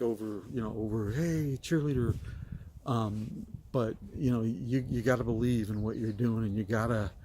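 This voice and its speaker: Rambling middle-aged man, lower voice. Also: very noisy. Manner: rambling, many fillers and restarts. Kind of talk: casual personal storytelling.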